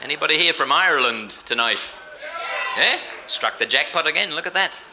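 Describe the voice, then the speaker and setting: A man with an Australian accent telling jokes in a chatty, quick live stage comedy routine. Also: on the high side, lively intonation, a crowd in the background, noisy background. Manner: quick, chatty joke-telling with broad comic asides. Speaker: entertainer. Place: live theatre show.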